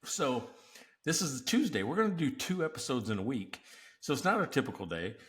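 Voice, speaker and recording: A man's voice: medium pitch, very animated, brisk, fairly bright tone. A man hosting a casual business podcast, telling stories animatedly and laughing often. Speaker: podcast host. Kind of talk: casual chat.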